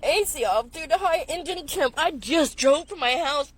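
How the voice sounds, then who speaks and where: High-voiced woman in her fifties, crying. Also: lively intonation, moderate pace, slight background noise. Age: 50s. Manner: distraught, breaking into nervous laughs. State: crying, stressed. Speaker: gig delivery driver venting on social media. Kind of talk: tearful vent to camera. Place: in her car in a fast-food parking lot.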